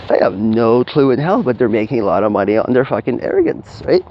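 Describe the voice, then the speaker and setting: A man's voice: mid-range voice, sing-song, fast talker. Rambling man with lo-fi sound. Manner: rambling, swears, acts out quoted people. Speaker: spiritual advice speaker. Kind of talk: casual rambling monologue. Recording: dull lo-fi audio with faint hiss.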